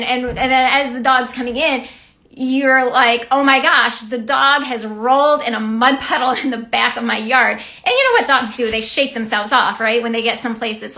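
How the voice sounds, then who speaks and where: A woman's voice: high-pitched, pushed and bright. A woman giving a casual devotional teaching. She talks in a chatty way, often asks "right?" and laughs lightly. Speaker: Christian teacher and vlogger.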